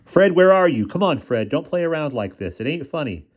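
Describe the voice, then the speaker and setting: A man voicing a panicky boy camper who yells in a shrill, frantic voice. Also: very animated, brisk. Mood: urgent. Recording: dull lo-fi recording.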